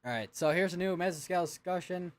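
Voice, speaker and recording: A man's voice: high voice, fast. Young man calling live storm updates. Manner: casual, rambling, many fillers and restarts. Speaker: weather stream host. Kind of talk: live severe weather commentary.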